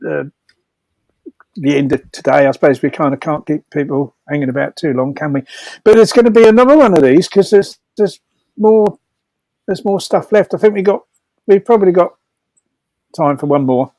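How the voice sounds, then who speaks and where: A man's voice: sits high, darkish tone, dry recording. An older man telling rambling stories casually, laughing often and restarting his sentences. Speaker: storyteller at a comedy fundraiser. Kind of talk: casual anecdotal storytelling.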